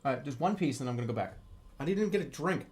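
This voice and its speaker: A man's voice: medium pitch, animated, very fast, darkish tone. A streamer from Boston, joking and swearing in casual livestream chat while he eats, talking with his mouth full. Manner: joking, profane, reacts to chat.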